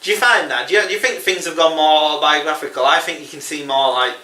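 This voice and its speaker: A man's voice: on the high side, fast talker, sharp tone, roomy sound, far from the mic. A man hosting a casual film review chat, rambling and chuckling often. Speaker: film review podcast host.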